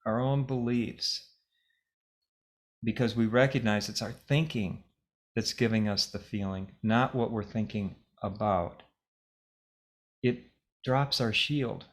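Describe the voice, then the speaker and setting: A middle-aged man with a fairly low voice talks in a gentle, earnest way. He is unhurried and reflective, sharing ideas with a group. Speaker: webinar speaker. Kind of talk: reflective talk and conversation.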